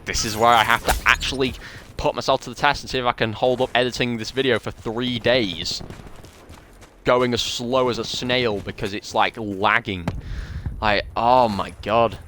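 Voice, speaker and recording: A man's voice: medium pitch, noisy background. A young man rambling and joking about himself as he chats casually to viewers while streaming a shooter game. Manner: rambling, chatty, self-deprecating. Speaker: gaming streamer. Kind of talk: casual live-stream commentary while playing.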